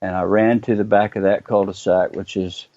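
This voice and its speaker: A middle-aged man, telling his own story as a guest in earnest, halting bursts with many pauses. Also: deep voice, flat delivery, dark tone, no room sound, dull audio. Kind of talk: personal storytelling interview.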